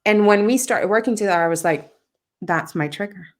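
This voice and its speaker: A woman guest on a podcast, telling a personal story in a lively, conversational way and acting out what others said. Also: mid-range voice, brisk. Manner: animated, acts out quoted dialogue, laughs often.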